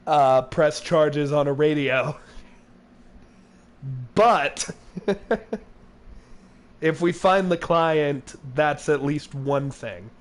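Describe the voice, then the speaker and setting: A man hosting a let's-play, reading game dialogue aloud and joking around in a playful way. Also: on the high side. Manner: playful, slips into mock-angry shouting voices. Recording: game music playing behind.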